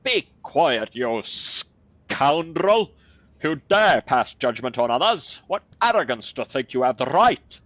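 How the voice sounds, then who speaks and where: An actor playing a stern, scornful male priest in a video game, with a booming, condemning voice. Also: very animated, slow, a bit bright, no room sound, full character voice. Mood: scolding. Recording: muffled game audio.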